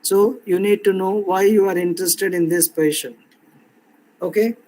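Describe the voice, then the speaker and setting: A man teaching a soft skills class over a video call, repeating points and filling pauses with "you know" and "uh". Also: sits high, fairly even intonation, rough recording. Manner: repetitive, explains with fillers. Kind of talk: online class instruction.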